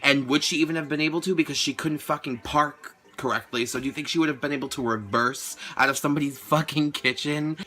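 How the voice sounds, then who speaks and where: A man's voice: on the high side, fast, few pauses. A teenage young man telling a storytime vlog in a casual, indignant way, swearing a lot and saying "like" constantly. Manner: casual, heavy swearing, lots of "like"; indignant, animated retelling. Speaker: vlogger.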